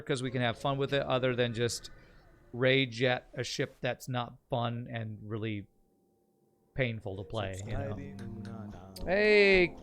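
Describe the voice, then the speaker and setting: A man's voice: medium pitch, a bit bright, smooth. Chatty male game streamer, joking. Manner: joking, chatty, thanks viewers mid-play. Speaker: streamer playing a strategy game. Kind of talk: casual live-stream commentary.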